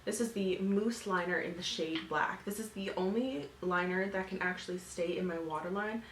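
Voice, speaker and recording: This is a beauty vlogger in her twenties, chatting casually through a makeup tutorial in an upbeat way, full of fillers. Her voice is fairly low and fairly bright, at a normal pace, recorded in a reverberant space with a bit of hiss or hum.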